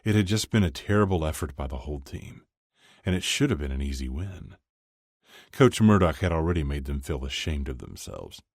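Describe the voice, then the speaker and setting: Very deep-voiced male audiobook narrator. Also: very animated, a little fast, no room sound, clean studio sound.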